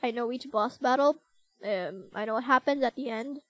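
A woman's voice: a little high, normal speed, fairly bright tone, no echo, dull audio. A young woman giving chatty, giggly commentary while playing a game, with game music under her voice. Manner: giggly, chatty, easily startled. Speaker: gaming YouTuber. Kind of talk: casual gameplay commentary.

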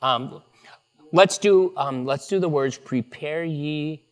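A man's voice: mid-range voice, takes it slowly. A male pastor leading a prayer and then an upbeat, playful children's message at a church service. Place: church sanctuary.

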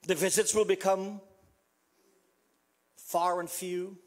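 A man's voice: sits high, level tone, slow pace. An older man with a Southern US accent preaching a funeral sermon, with dramatic swings in his delivery. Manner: preaching with dramatic swings, acting out quoted voices. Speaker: pastor.

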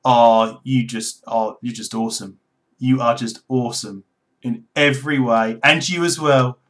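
A British man chatting casually with strangers on a video call, excitable and exclamatory. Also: mid-range voice, unhurried. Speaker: video chat host.

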